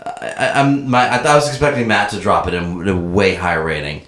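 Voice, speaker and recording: Low stammering man, roomy echo. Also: fairly even intonation, brisk, a bit bright. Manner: hesitant, stammering. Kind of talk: casual beer review.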